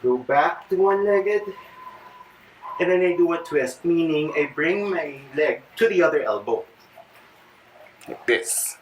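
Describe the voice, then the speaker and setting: A fitness vlogger with a Filipino accent demonstrates a yoga stretching routine, his fairly high voice expressive and unhurried, with long pauses. He's chatty, a bit out of breath, and tosses in jokey asides. The mic is distant, picking up faint background noise.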